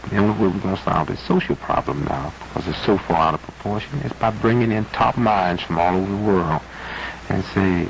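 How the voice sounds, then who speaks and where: In this archival interview, a thirties-aged man speaks in a low-pitched, creaky voice at a brisk clip, pressing his argument with passion until it swells to a preacher's fervor. The broadcast audio is low quality, with a faint hiss of noise.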